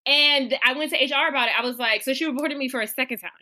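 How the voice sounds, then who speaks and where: Young woman podcast co-host, animated and profane, bright sharp voice, higher pitch, dry close sound; casual storyteller. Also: racing, no room sound. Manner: animated storyteller, swears freely.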